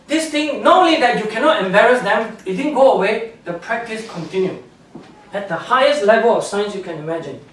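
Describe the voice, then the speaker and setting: A scientist, appearing as a guest speaker, gives a public lecture with slides in a very high voice, animated and scornful, laughing at his own points. His English has loose, non-native grammar. He sounds distant from the mic, and the hall echoes strongly.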